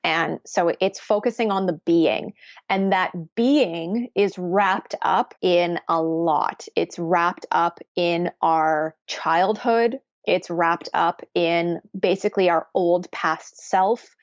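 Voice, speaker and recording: A woman's voice: lowish voice, steady tone, slow pace, dry recording, lo-fi sound. A woman nutritionist and coach, speaking as a podcast guest and explaining earnestly, often tagging "right?" onto what she says. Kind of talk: podcast interview conversation.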